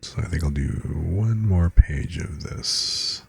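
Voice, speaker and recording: A man's voice: rumbling low, slow, vocal fry, a little mellow, breathy edge, faint music behind. A man streaming live, chatting casually with viewers and reading out words with their definitions.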